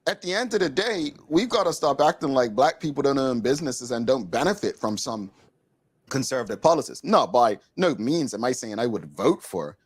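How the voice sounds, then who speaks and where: A Bermudian man hosting a talk show, his pitch swinging widely as he makes his point. He talks in an emphatic, opinionated way, pressing hard on what he believes. His tone is casual studio chat. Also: expressive, normal speed, breathy edge.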